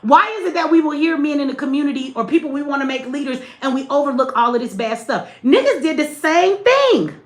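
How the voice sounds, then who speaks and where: A woman's voice: high-pitched, lively intonation, brisk, few pauses, reverberant. A woman hosting a livestream, talking bluntly to her chat with plenty of cursing. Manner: blunt, profane, talks straight to chat. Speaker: livestream host. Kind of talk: livestream commentary.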